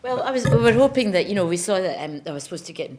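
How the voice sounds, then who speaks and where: A woman with a Scottish accent speaking as a poet in an on-stage interview. She talks in a chatty, animated way and reads verse with strong emphasis. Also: medium pitch, rapid-fire. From Scotland. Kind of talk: conversational chat and poetry reading.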